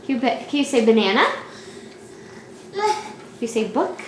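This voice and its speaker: A parent recording her toddler at home keeps patiently asking short, repeated questions in a sing-song voice to get the child to say words. Her voice is a little high and moves at a moderate pace; the echoey room carries a faint background hiss.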